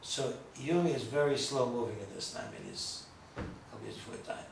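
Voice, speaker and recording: With medium pitch, expressive delivery and a moderate pace, a rabbi gives a chatty, story-filled informal lecture, joking as he digresses before a small crowd. Faint noise and room echo come through, since he's recorded from afar.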